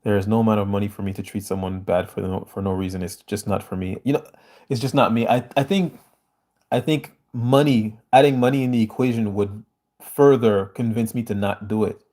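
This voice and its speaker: A man speaks in a lowish, mellow voice, hosting a casual livestream and answering his viewers. He talks earnestly and with emphasis. The sound is a plain home setup. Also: steady tone, brisk. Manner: earnest, emphatic, reads chat aloud and answers. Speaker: livestream host reading viewer comments.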